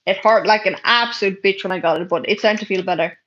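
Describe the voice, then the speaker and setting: A woman's voice: mid-range voice, fast talker, a bit bright. A young Irish woman chatting casually on a livestream, reading out comments and answering bluntly with plenty of swearing and sarcasm. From Ireland. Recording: dull lo-fi stream audio.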